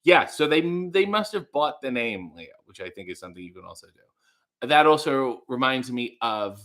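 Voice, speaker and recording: A man's voice: mid-range voice, sing-song, moderate pace, fairly bright tone. Rambling man reading his live chat. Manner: rambling, reads chat messages aloud; swears casually, trails off into mumbles. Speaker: livestream host. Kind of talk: casual livestream chat.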